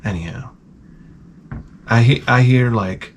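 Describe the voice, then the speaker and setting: A man telling a rambling, profane comic story with deadpan asides, as a vlogger. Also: mid-range voice, takes it slowly, vocal fry, pauses often, breathy edge.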